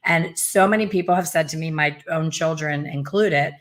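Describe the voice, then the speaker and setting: A middle-aged woman with a fairly low voice, chatting casually over a video call. She talks in an animated, chatty way and tosses in playful jokes at her own expense. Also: normal speed. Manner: chatty and animated, with playful self-mocking asides. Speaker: hair color educator and host. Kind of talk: casual video chat interview.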